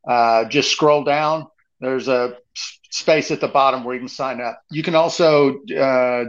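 Co-host, man, mid-pitched and earnest, casual chat, lo-fi earbud audio. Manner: explains at length in a steady, earnest way. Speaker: podcast co-host. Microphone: earbuds mic. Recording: muffled lo-fi call audio.

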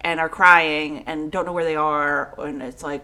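A woman co-hosting a casual chat, frank and animated, acting out what people say as she tells stories. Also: low-pitched, measured pace. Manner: animated storyteller who acts out quotes. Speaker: podcast co-host.

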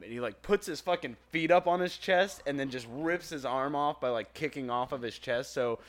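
A young man in casual chat who retells scenes, often laughing and doing quick impressions. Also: medium pitch.

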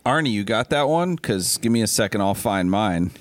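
A man's voice: fairly low pitch, expressive, normal speed, dry recording, clean studio sound. A man co-hosting a casual car podcast, talking in an easygoing, jokey way and laughing as he reads. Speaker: podcast co-host.

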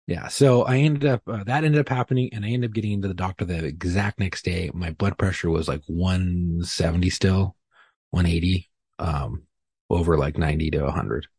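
A man with a low, deeply husky voice tells his story in a loose, profane, rambling way, often joking at his own expense. The sound is close and dry, with no room around it. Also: normal speed, a little mellow, dry recording. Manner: profane, rambling, self-deprecating. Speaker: podcast guest. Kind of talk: casual storytelling.

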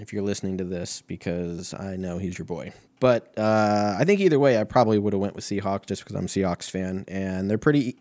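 A man's voice: fairly low pitch, darkish tone. A young man hosting a casual solo podcast, rambling and swearing, often laughing at his own jokes. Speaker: podcast host.

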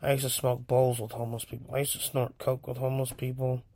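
A man's voice: mid-range voice, flat delivery, fast talker, warm tone, no echo. A young man from California rambling bluntly through a casual monologue, cursing freely as he tells stories. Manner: blunt, profane, storytelling. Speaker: podcast host.

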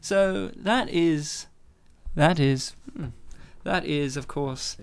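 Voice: medium pitch, drawn-out words. Teasing, sarcastic podcast host. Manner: teasing, sarcastic and laughing often. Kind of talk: casual movie commentary chat.

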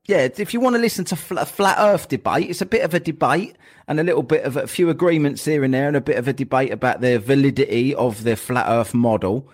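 A man's voice: mid-range voice, quick pace. A man hosts a podcast in a loose, joking way, wandering off track and filling the gaps with fillers. His voice sits in an ordinary middle register. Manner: rambling and jokey, with frequent fillers. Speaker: podcast host. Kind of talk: casual podcast chat.

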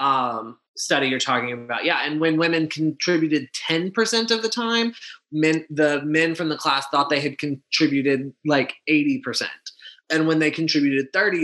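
A man's voice: mid-range voice, bright, forceful tone. A man in a casual discussion, talking with passion, speeding up and stumbling over restarts and fillers. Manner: impassioned, fast-talking with frequent restarts and fillers.

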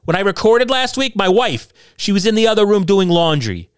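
A man's voice: high voice, sing-song, brisk, smooth, dry recording, clean studio sound. Combative middle-aged man hosting a podcast. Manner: sarcastic, combative, self-deprecating. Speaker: podcast host. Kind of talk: solo podcast rant. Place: home basement.

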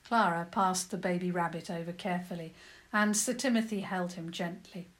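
A woman narrating a children's adventure story in a lively, expressive storytelling manner. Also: lowish voice, moderate pace.

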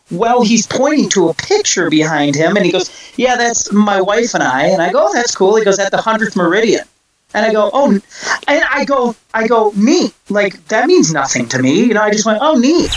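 Rambling, excitable male music fan. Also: high voice, poor audio. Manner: rambling storyteller, many restarts. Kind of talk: casual chat.

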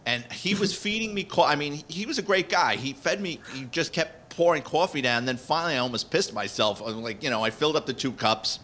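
A man, a retired police officer co-hosting a podcast, telling animated anecdotes and acting out the people he quotes. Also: on the high side, brisk, few pauses. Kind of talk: casual storytelling chat.

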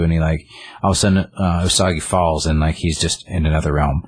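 A man with a very low, husky voice rambles through a story in casual chat. He piles up fillers and restarts and breaks into the characters' lines as he goes. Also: fairly even intonation, a little fast. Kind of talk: casual chat retelling a comic.

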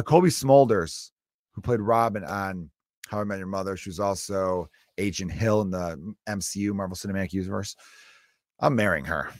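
A male comedian talking solo on his podcast, loose and rambling with jokey asides. His voice sits a bit low, and the sound is dry and close with no room around it. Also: no echo. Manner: rambling, joking, animated asides.

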